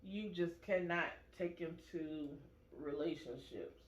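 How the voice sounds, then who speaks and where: A woman hosting a casual chat, telling stories with animated acted-out quotes. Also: fairly low pitch, slow, a little hiss or hum. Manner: animated storyteller, acts out quoted voices. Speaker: vlog host. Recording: echoey room, muffled sound.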